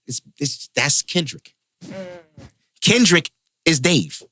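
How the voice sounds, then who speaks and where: A man's voice: high voice, big pitch swings, measured pace, sharp tone, no echo, clean studio sound. A man hosting a podcast, a comedian ranting in heated, profane casual chat.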